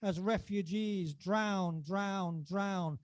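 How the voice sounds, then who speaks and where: An English poet performs his own work at a book launch, growing impassioned and rising toward shouting, then chatting self-deprecatingly between poems. His voice sits high, he draws out words, and there is no room sound.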